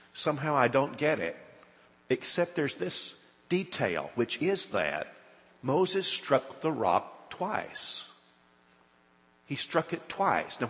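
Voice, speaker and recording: Preacher with long hall reverb. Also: male voice, medium pitch. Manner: dramatic retelling, acts out quoted speech with rising loudness. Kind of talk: sermon.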